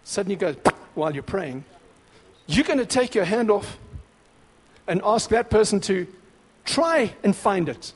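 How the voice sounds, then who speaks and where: A man preaching a sermon, exhorting in short emphatic repeated phrases that grow louder and more excited. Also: high voice, a little slow, slightly rough, big-room sound.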